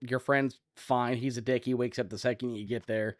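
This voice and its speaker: A man around forty from Ohio, co-hosting a podcast and telling loud, animated stories in casual chat. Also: medium pitch, moderate pace. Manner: loud, animated storyteller, acts out scenes. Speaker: podcast co-host.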